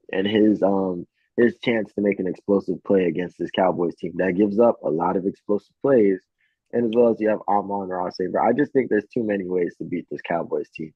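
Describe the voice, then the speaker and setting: A man's voice: low-pitched, husky, no room sound. A man co-hosting a casual sports betting chat, swearing freely and telling stories with animation. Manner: profane, animated storytelling. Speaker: podcast co-host. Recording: tinny phone-like sound.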